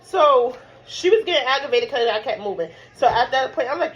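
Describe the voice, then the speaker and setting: High-voiced woman telling a blunt storytime. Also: fast talker, hardly any pauses, lo-fi sound. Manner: animated, blunt, curses freely, laughs often. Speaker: vlogger. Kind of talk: casual storytime while eating.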